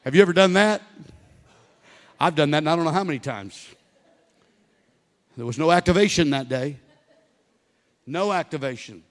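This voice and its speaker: Sixties pastor preaching in a reverberant hall. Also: male voice, on the high side, animated, moderate pace, long pauses. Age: 60s. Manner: preaching, rising to loud exhorting. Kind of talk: sermon. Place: church sanctuary. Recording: long reverb of a large hall with music.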